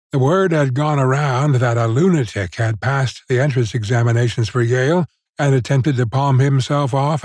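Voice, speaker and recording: A man reading a classic short story aloud as an unabridged audiobook, with a measured, expressive storytelling delivery. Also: medium pitch, dry recording, clean studio sound. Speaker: audiobook narrator.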